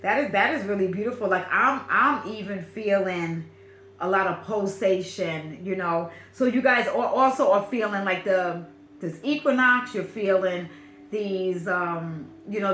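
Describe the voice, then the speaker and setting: A woman with a Brooklyn accent gives a spiritual reading, repeating and stretching her phrases with warm emphasis. Her voice sits at an everyday middle pitch. It rings in a roomy space over a faint background hiss. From Brooklyn, New York. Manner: repetitive, affirming, drawn-out and emphatic. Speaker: spiritual reader.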